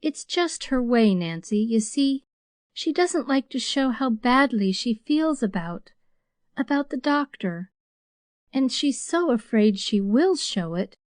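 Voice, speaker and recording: A woman's voice: fairly high pitch, a little mellow, no room sound, studio quality, voice pushed up. A woman voicing an earnest teenage girl, tearful and pleading, in a storybook reading.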